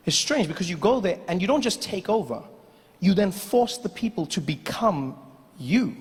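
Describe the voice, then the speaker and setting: A male stand-up comedian telling stories in an animated way, breaking into mimicry. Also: high voice, breathy edge. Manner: animated storytelling with bursts of mimicry. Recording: reverberant live venue.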